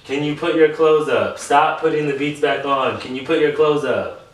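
A fairly high-pitched man speaks at normal speed in a steady tone, nagging and exasperated while repeating himself repeatedly in a casual at-home prank vlog. Recorded with a distant mic, the sound is echoey with faint noise.

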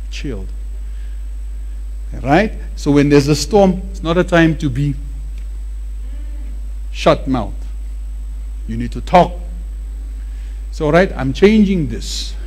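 A man preaching a sermon with animated emphasis, often repeating words to drive a point home. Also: on the high side, breathy edge.

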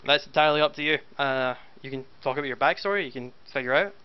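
Man, game master, smooth voice, halting narration, dull lo-fi audio. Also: medium pitch. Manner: slow, halting narration with fillers. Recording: dull lo-fi voice chat.

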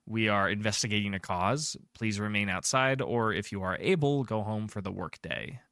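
A man's voice: on the low side, a bit bright, no echo, studio quality. A man doing a formal intercom announcer. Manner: formal, measured.

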